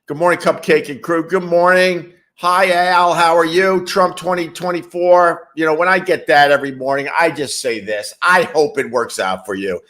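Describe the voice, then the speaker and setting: A man's voice: mid-range voice, moderate pace, hardly any pauses, fairly bright tone. A man hosting a casual livestream, reading chat messages and rambling wryly with casual swearing. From New York.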